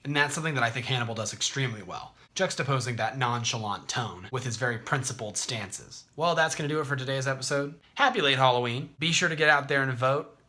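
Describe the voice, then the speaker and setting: A man hosting an explanatory video, talking in a conversational, clear way. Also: mid-range voice, quick pace, hardly any pauses, pushed and bright. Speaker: host.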